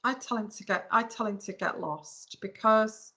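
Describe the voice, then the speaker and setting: Brief: woman, tarot reader, frank and emphatic, clear bright tone, talking into a phone. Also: mid-range voice, normal speed. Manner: frank, emphatic, talks straight to viewers. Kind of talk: live stream advice chat.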